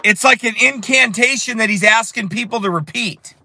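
A fiery man preaching in a high, bright voice that cuts through. He tells his story with strong emphasis and builds to shouts. His tone stays sharp and forceful. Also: normal speed, vocal fry. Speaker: street preacher. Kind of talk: preaching while telling a story.

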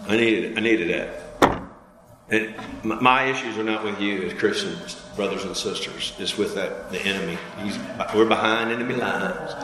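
A man preaching a sermon in a casual, conversational way, leading the congregation in call-and-response. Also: normal speed. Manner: conversational preaching with call-and-response, pitch climbing high when fired up. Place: church hall. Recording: echoey hall with long reverb.

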